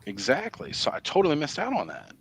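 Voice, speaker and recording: A man hosting a live stream, chatting casually and explaining at length in a relaxed, rambling way. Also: on the high side, fast talker, a crowd in the background. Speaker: livestream host. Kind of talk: casual chat.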